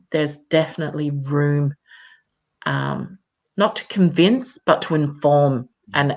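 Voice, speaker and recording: Low-voiced woman, emphatic and measured. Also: muffled recording. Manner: measured, emphatic, many fillers. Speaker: campaigner. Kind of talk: live chat interview. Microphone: video call.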